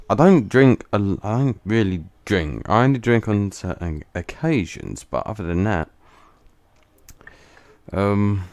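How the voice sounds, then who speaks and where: A man with a fairly low voice that swings widely in pitch gives casual let's play commentary at his computer. He rambles earnestly and bluntly, often stopping and restarting his sentences. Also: a little mellow, dry recording. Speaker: gaming channel host.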